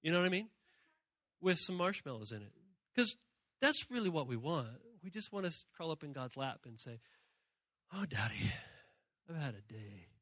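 A man giving an animated youth sermon, telling stories and acting out voices from shrieks to soft murmurs. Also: on the high side, a little fast, no echo. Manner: animated storytelling, acts out characters in shrieks and murmurs. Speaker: youth speaker.

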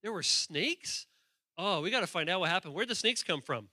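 A man preaching a lively sermon, reading scripture aloud with playful asides and calling on the congregation to respond. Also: high-pitched, moderate pace, no echo, studio quality. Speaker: pastor.

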